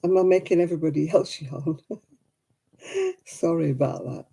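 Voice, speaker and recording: Sleepy lady chatting on her craft stream, husky and really mellow. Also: low-pitched, moderate pace. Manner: chatty and sleepy, with frequent laughs. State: drowsy and yawning. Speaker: crafting livestream host. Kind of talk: casual chat with viewers.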